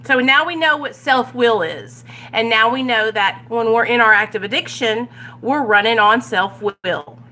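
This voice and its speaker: A recovery vlogger leads a Big Book study group in a casual, candid chat, often checking in with listeners by asking "right?". Her voice is fairly high, pushed, and bright, and she speaks a little slowly.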